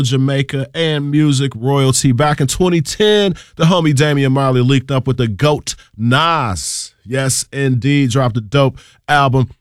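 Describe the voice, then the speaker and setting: A man's voice: fairly high pitch, clear, resonant tone, no echo. A male radio DJ hosting from a studio, with upbeat, slangy hype-man patter between songs. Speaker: radio DJ host.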